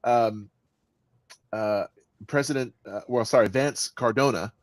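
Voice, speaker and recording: A man speaking as the guest author in an interview, with an expressive delivery that stresses words and often restarts his sentences. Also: mid-range voice, measured pace, no room sound. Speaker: guest author and audiobook narrator. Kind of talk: conversational interview answers.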